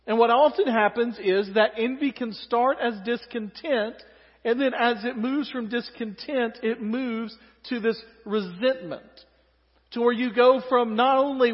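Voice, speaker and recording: A man's voice: very high voice, measured pace, big-room sound, muffled recording. A man with a Southern US accent preaching a sermon in a conversational way, with joking asides. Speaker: pastor.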